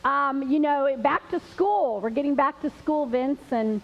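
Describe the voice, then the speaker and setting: High-voiced chatty woman hosting. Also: a little slow. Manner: chatty, laughing, a little nervous. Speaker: host. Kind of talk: live church show storytelling. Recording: dull lo-fi with faint hiss.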